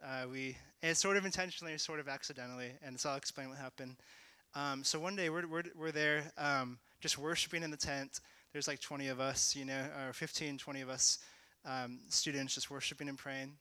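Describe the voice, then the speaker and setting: A young man sharing a testimony in a casual, rambling way, full of "like" and "you know", at times rising to shouting. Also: mid-range voice, steady tone, a little fast, hardly any pauses, smooth, no echo. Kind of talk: testimony talk.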